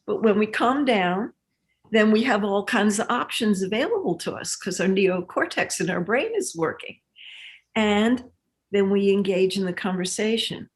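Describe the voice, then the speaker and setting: A woman guest in an interview, a relationship teacher speaking in a measured, reflective, earnest way. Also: medium pitch, lively intonation. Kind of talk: interview conversation.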